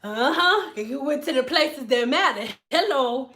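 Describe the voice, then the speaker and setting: A woman's voice: high-pitched, expressive, moderate pace, a bit bright. A young woman from Detroit chatting casually on a livestream, rambling and laughing a lot as she talks. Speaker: vlogger.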